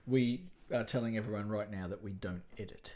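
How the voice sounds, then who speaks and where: A man's voice: lowish voice, a little fast, mellow. Playful joke-telling man in his fifties. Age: 50s. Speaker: podcast co-host. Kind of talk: unscripted comedy chat.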